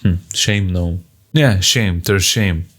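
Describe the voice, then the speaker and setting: A man with a fairly low voice, talking to camera in a raw journaling monologue. He is blunt and swears freely, and now and then his voice jumps into loud shouting. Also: slow pace. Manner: blunt and profane, with bursts of shouting. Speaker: vlogger.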